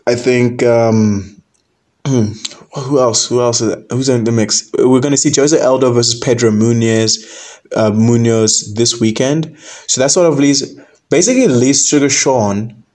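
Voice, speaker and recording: A young man talks through fight news on his own in a loose, rambling way, and his voice sits at an ordinary middle pitch. He leans on "man" and "right?" throughout his casual commentary. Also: a little slow, darkish tone. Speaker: combat sports podcast host.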